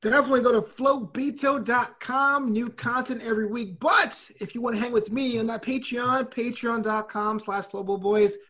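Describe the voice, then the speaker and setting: A man's voice: very high-pitched, fairly even intonation, normal speed, hardly any pauses, sharp tone. A man guesting on a podcast, plugging his work in an upbeat, casual way. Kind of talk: casual chat.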